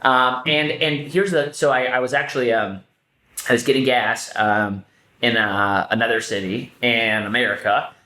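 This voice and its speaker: A man co-hosting a podcast, telling stories in casual chat, animated, swearing, often restarting his sentences. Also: mid-range voice, normal speed. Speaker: podcast co-host. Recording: roomy echo.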